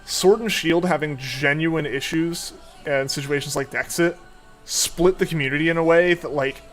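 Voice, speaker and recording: A man's voice: fairly high pitch, moderate pace, a bit bright, soft background music. A young man streaming a game, chatting casually and rambling with many fillers and restarts. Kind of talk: casual chat while gaming.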